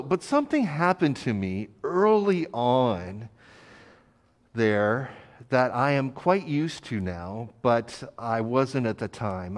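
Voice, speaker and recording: A man's voice: mid-range voice, in a large hall. A male pastor delivers a sermon in an easy, conversational voice, sprinkling in fillers and self-mocking asides. His mid-range voice carries the long tail of a church sanctuary.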